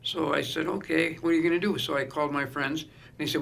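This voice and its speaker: A fast, gravelly, fairly high-pitched voice belongs to a middle-aged male guest. Storytelling casually, he brings it to life by acting out others' lines.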